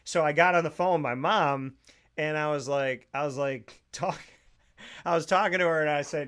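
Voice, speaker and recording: A man hosting a casual talk show, telling lively stories and mentioning that he does impressions. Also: fairly high pitch, moderate pace, smooth. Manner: animated storyteller who does impressions. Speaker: show host.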